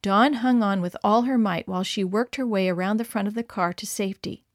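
A woman narrating a story in a clear, expressive read-aloud manner. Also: mid-range voice, brisk, no echo, studio quality. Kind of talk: scripted narration.

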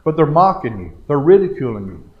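This lay preacher's fairly high voice swings widely in pitch as he moves along at a fairly quick clip during a live sermon in a church sanctuary. His delivery is folksy and exhorting, full of colloquial country phrasing and mounting rhetorical questions, captured on lo-fi sound.

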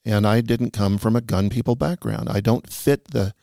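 Gravelly low instructor. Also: male voice, normal speed, mellow, no echo, studio quality. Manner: earnest, emphatic about responsibility. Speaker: firearms instructor and guest. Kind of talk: conversational podcast talk. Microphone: studio podcast mic.

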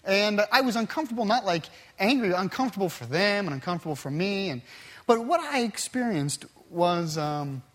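A man's voice: high voice, animated, fairly quick, fairly bright tone. A middle-aged man teaching a Bible class in a conversational way, telling a personal story earnestly with frequent restarts.

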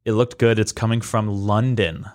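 A man's voice: on the low side, level tone, moderate pace. A man co-hosting a podcast in casual, joking chat. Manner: joking, teasing, chatty. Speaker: podcast co-host.

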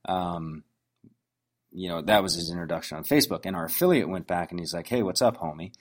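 Deep-voiced man giving a sales pep talk. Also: brisk. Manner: conversational, anecdotal, with frequent restarts. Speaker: business owner coaching on sales. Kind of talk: motivational business talk.

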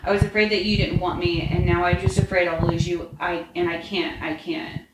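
A woman's voice: fairly low pitch, flat delivery, heavy background noise, natural voice. Woman reading as an anxious tearful young witch. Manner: nervous, rushed confession. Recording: roomy room echo.

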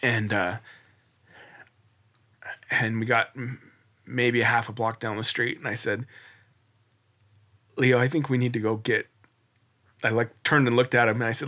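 A man's voice: mid-range voice, steady tone, normal speed, long pauses, sharp tone. A man in his forties, a podcast guest, earnestly telling a personal story in a rambling way, full of restarts and fillers. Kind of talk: casual storytelling interview.

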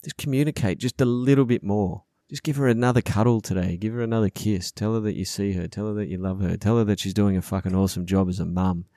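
A man's voice: on the low side, fairly even intonation, quick pace, few pauses, dark tone, dry recording, clean studio sound. Earnest, swearing man. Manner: earnest, repetitive, swears a lot. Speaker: podcast host. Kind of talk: casual podcast chat.

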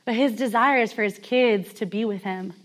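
A woman's voice: on the high side, normal speed. A woman in her thirties from California giving a candid, conversational sermon told as a personal story, with many casual fillers. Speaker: speaker.

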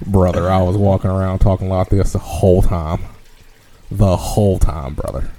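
Brief: man doing a brash Texan cowboy, Texan accent, deep slow drawl, salty and boastful. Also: very animated, exaggerated voice. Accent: put-on Texan.

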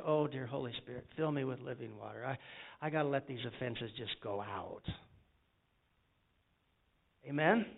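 A man from the United States preaching a sermon, pitched a bit high, calling out to the congregation and telling folksy stories. The sound is thin and phone-like, as if from a tinny line. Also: creaky. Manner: call-and-response, folksy storytelling. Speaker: pastor.

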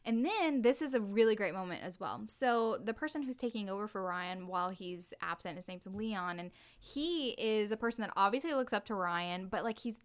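A woman's voice: mid-range voice, animated, normal speed, few pauses. A woman co-hosting a casual book podcast, retelling scenes and quoting the characters, with lots of "like" fillers. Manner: uses filler 'like' often. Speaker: podcast co-host.

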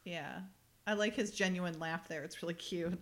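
A woman's voice: fairly low pitch, steady tone, normal speed. A woman co-hosting a podcast, chatting casually and laughing as she acts out lines from a TV episode. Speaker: podcast co-host. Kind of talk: casual chat recapping a TV episode.

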